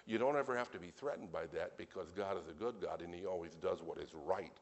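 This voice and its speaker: A man preaching a sermon in an earnest, emphatic way, with plain conversational asides between points that swell suddenly in loudness. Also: low voice, brisk.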